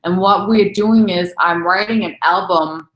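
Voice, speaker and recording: A woman's voice: on the low side, measured pace, reverberant, dull audio. A woman, an actress and recording artist, chatting casually as an interview guest, laughing often and talking with many fillers.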